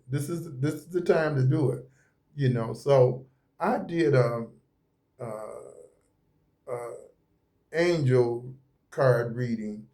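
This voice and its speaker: A man with a mid-range, dark-toned voice sits at a table indoors with tarot cards spread out. He gives a casual, rambling reading in a folksy manner, repeating himself a lot.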